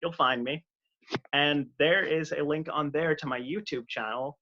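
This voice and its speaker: A man's voice: fairly high pitch, a little slow, highs cut off, noisy background. A young man joining a casual chat as a guest over a video call, upbeat and affectionate.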